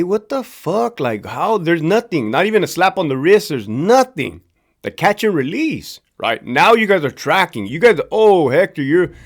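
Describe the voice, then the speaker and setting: A middle-aged man from Southern California, a former prison guard hosting his own show, ranting casually, profane and sarcastic and repeating himself for emphasis. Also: a little high. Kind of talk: casual ranting monologue to camera.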